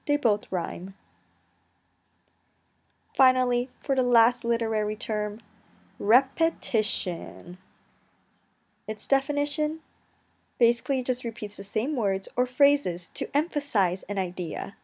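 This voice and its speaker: A woman's voice: a little high, lively intonation, unhurried, darkish tone. Chatty young woman explaining a lesson. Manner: chatty, asks rhetorical questions, jokey asides. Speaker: teacher.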